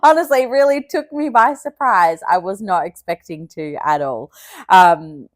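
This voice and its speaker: A woman's voice: fairly low pitch, measured pace, dry recording, clean studio sound. A young woman chatting casually to camera as a vlogger, with lots of fillers and easy laughter. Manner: chatty, many fillers and likes, laughs often.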